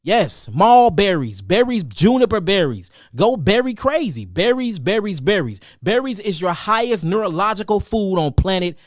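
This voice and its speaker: A man's voice: sits high, very animated, normal speed, hardly any pauses, dry recording, clean studio sound. A man giving emphatic health advice, repeating key words for stress.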